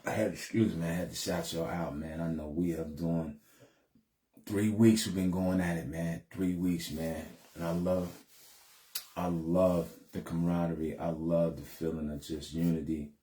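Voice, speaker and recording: Laid-back male vlogger, low and warm, recorded in a roomy space. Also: steady tone, moderate pace. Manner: laid-back, says "man" at the end of most phrases. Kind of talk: casual direct-to-camera talk.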